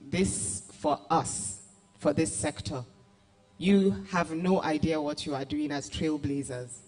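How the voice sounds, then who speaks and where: A woman's voice: sits low, darkish tone. A woman giving a formal yet chatty speech at an award night, laughing often between points, into a stage mic in a large hall. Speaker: guest speaker, arts agency director.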